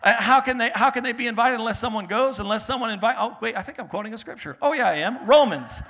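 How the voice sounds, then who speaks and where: A young man preaching a sermon, animated and laughing, rising to loud peaks and dropping to a soft, earnest tone. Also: very high voice, fast, noisy background. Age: young adult. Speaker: pastor.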